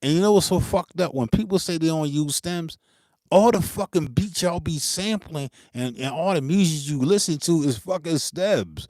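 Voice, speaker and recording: A man's voice: a little high, expressive, moderate pace, a little mellow, dry recording, clean studio sound. A man, ranting unscripted to camera about music gear, swearing freely, laughing and mimicking his critics. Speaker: beatmaker hosting his channel.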